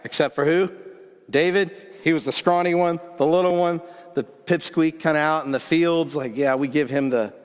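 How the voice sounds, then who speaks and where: A man preaching a sermon as pastor, telling the story in a casual, animated way with bursts of excitement. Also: mid-range voice. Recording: long hall reverb.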